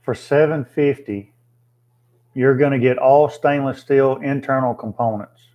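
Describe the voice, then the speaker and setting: A man's voice: mid-range voice, darkish tone, highs cut off. A man hosting a casual livestream, chatting plainly with viewers and thinking aloud with fillers. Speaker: livestream host. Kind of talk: casual live chat reading viewer comments.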